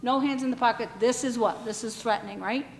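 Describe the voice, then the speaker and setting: A woman's voice: on the high side, fairly quick. Lady running a training class, asks the group stuff, echoey hall sound. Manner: conversational, asks the room questions. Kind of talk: training session lecture.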